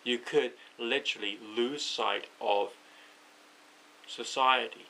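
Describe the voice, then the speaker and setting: A man's voice: mid-range voice, fairly even intonation, slow, gravelly, pushed and bright, slight background noise, poor audio. A British man speaking his thoughts aloud to camera late at night, overtired and rambling, correcting himself as he goes. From United Kingdom. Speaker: vlogger. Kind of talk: late-night thinking out loud.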